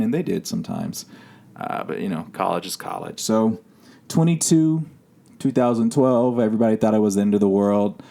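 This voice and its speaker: A man's voice: lowish voice, fairly quick, gravelly, warm tone. A man of thirty, a podcast host, telling his own story in a candid, rambling way with many fillers. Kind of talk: personal storytelling monologue.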